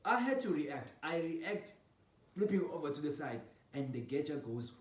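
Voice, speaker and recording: A man casually telling a personal family story, animated and laughing, acting out the scenes with sound effects. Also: normal speed. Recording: roomy echo, distant mic, low rumble.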